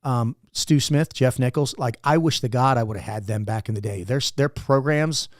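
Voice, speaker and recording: A man's voice: medium pitch, normal speed, no room sound, studio quality. A man in his fifties, a former Navy SEAL guest, telling rambling, profane stories in a casual interview.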